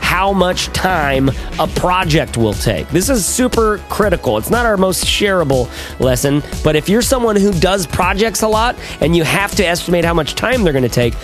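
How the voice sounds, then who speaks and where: A man hosting a podcast in casual chat, animated and rambling with restarts. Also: high voice, normal speed, faint music behind. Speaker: podcast host.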